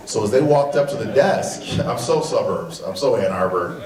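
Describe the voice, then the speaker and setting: A man telling a personal story live on stage, animated and acting out the dialogue. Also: mid-range voice, moderate pace, very noisy. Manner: animated, acts out the dialogue and laughs at himself. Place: stage at a museum event hall. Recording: roomy hall, distant mic.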